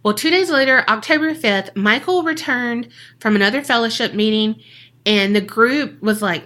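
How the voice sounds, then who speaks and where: A woman's voice: fairly high pitch, normal speed. A woman co-hosting a podcast, casually telling a story with slang, swearing and acted-out quotes. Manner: animated, swearing, acts out quoted people in slang. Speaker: podcast co-host.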